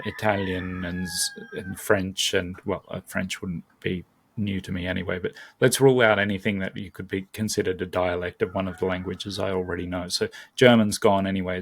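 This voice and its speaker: Gravelly Australian man chatting casually. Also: sits low. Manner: chatty, self-interrupting. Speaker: guest. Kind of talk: casual conversation.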